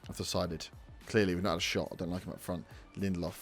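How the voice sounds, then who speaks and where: A man's voice: low-pitched, flat delivery, fast talker, faint music behind. A young man commentating his football management game, scolding his players and swearing in frustration. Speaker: let's play host. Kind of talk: gaming commentary.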